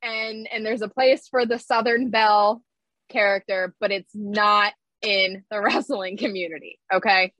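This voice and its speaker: A woman's voice: medium pitch, level tone, measured pace, a bit bright, dry recording, low-quality recording. A woman co-hosting a casual podcast chat, blunt and ranting, laughing often. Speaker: podcast co-host.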